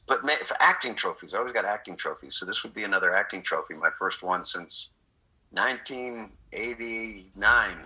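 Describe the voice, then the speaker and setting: Middle aged texas guy, husky and really bright, animated storyteller in a chat. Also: medium pitch, poor audio. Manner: animated storyteller, acts out quotes. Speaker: actor guest. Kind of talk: casual interview chat.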